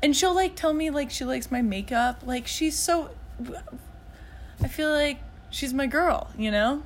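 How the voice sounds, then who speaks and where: Podcast co-host, 30s woman, bubbly storyteller, voice sits a bit high. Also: expressive, measured pace, a little hiss or hum. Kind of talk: casual chat.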